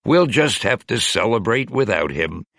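A man reading aloud and voicing a quick-witted armored superhero who talks glibly. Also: lowish voice, very animated, gravelly, fairly bright tone, no room sound, clean studio sound, full character voice. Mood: wry.

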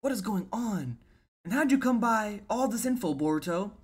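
A man's voice: high-pitched, expressive, normal speed, breathy edge, pitched above the performer's own voice. A man reading as a stern, suspicious ninja teacher. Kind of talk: manga read-aloud.

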